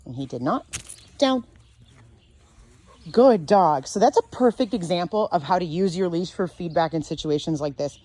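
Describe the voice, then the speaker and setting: A woman dog trainer teaching outdoors, calm and sure as she explains leash handling. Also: fairly low pitch, fairly quick, hardly any pauses. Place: outdoors near a fenced dog area.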